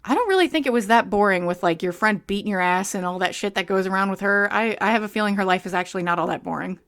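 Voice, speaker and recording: A woman's voice: medium pitch, quick pace, fairly bright tone. A young woman reading a book aloud and breaking in with sarcastic, exasperated comments. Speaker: book reviewer.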